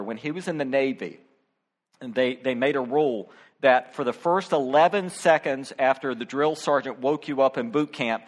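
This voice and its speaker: A middle-aged man preaching a sermon as pastor, speaking directly and emphatically to his congregation. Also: mid-range voice. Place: church.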